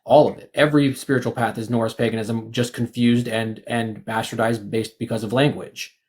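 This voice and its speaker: A man's voice: medium pitch, steady tone, normal speed, darkish tone. A man joining a casual group discussion, talking bluntly with profanity and lots of stammered restarts. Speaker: guest.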